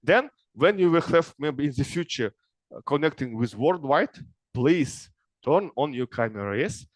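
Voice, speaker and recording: A middle-aged man from Kazakhstan gives an informal lecture in broken English. His voice sits somewhat high for a man. The recording is dry and close, and he keeps tagging "yes?" onto his points. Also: lively intonation, normal speed, no echo. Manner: broken English, frequent "yes?" tag questions. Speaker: speaker advising young people.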